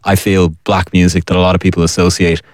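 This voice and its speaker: An Irish man in his late twenties speaks as a radio panel guest. His voice sits very low, and he muses slowly through his thoughts with hesitant restarts. The studio sound is close and dry. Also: level tone, no echo. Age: late 20s. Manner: thoughtful, reflective, hesitant starts. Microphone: studio microphone.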